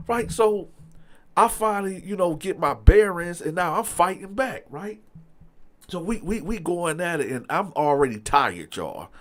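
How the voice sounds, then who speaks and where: A man telling a true story from his past in a casual, animated monologue, talking straight to his audience with lots of fillers. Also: sits high, measured pace. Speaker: storyteller host.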